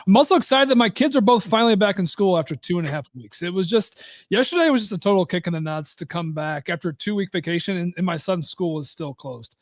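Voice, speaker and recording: A man's voice: high voice, expressive, fast talker. A man co-hosting a casual show over a video call, wry and dryly humorous. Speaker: co-host.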